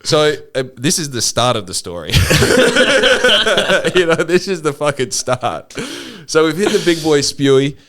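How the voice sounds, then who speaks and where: A man with an Australian accent, hosting a podcast and telling a story in casual chat. He talks in an animated way, swears freely and often laughs. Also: a little high, a little slow. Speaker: podcast host.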